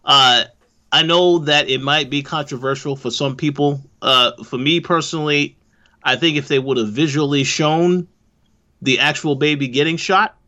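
A man co-hosting a casual talk, speaking in a measured, hesitant way with repeated words. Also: on the high side, bright, forceful tone. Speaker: podcast co-host. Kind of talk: casual discussion. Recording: dull lo-fi mic.

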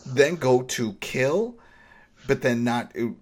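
A man co-hosting a casual chat, retelling scenes with lively energy and acting out the characters. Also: mid-range voice, slow. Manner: animated, acts out scenes with shifting voices. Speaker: podcast co-host.

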